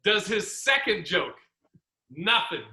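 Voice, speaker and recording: A man with a high, very bright voice tells comedy road stories in casual podcast chat. He rambles with restarts and acts out the people he quotes. The room around him is roomy and echoey. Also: very animated, slow pace. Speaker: podcast host. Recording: roomy echo.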